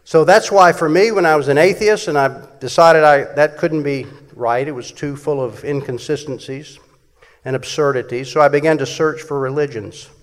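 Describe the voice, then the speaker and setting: A man preaching a sermon emphatically, swinging between loud passages and hushed ones. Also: fairly high pitch, normal speed. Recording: echoey hall.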